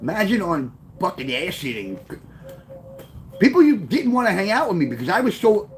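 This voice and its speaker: Middle-aged New guy streaming, rambling and cursing, slightly high voice, reads his memoir to chat. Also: wildly swooping pitch, moderate pace, a little hiss or hum. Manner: rambling, profane, reads chat comments aloud. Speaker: livestream host reading his memoir. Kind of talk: casual livestream storytelling. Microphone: webcam.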